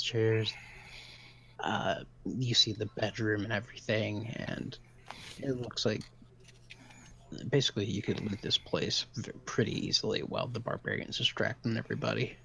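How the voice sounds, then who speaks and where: Gravelly low-voiced man running a tabletop game. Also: slight background noise. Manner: relaxed, halting descriptions. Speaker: dungeon master.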